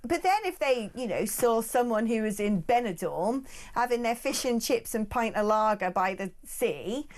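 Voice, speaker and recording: A woman's voice: fairly high pitch, normal speed. A woman hosting a radio phone-in show, jokey and chatty, wandering off topic. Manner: lively, jokey, goes off topic. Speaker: radio host.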